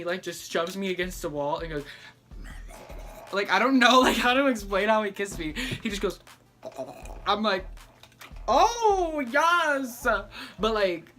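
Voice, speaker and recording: A man's voice: high voice, sharp tone. A young man telling a story in a casual vlog, sassy and dramatic, acting out each person he quotes.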